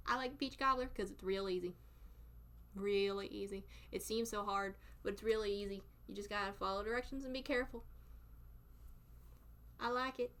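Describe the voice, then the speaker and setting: Southern gal chatting with her stream, kinda high bright voice, laughs a lot. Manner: chatty, laughs often, playful. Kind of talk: casual chat with live chat.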